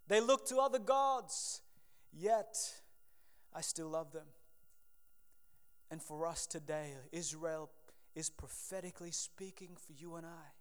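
A man preaches a sermon with fervent, dramatic delivery. His voice sits high and sounds smooth and resonant. He swings from loud appeals to quiet, hushed lines. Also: takes it slowly. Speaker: pastor.

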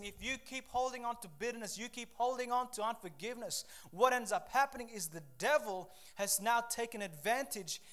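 A male preacher from Papua New Guinea delivering a sermon, reading scripture and telling lively stories with sudden swings in loudness. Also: high voice. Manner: animated storytelling with shifting loudness, acts out voices.

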